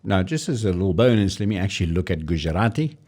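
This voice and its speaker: A man with a very low voice talks through a language-learning tutorial. He explains calmly, stopping to sound out foreign words slowly so the listener can follow. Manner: explanatory, pausing to demonstrate pronunciations. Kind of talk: casual screen-share tutorial.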